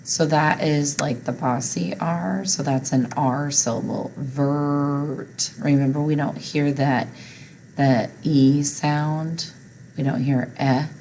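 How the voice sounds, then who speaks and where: A woman's voice: low voice, steady tone, takes it slowly, dark tone, slight background noise, low-quality recording. A woman teacher patiently walking learners through a recorded reading lesson step by step.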